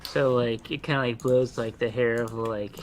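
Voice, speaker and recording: A man's voice: mid-range voice, fairly even intonation, normal speed, slight background noise. A man narrating a tabletop game as game master, in a loose, rambling way full of fillers.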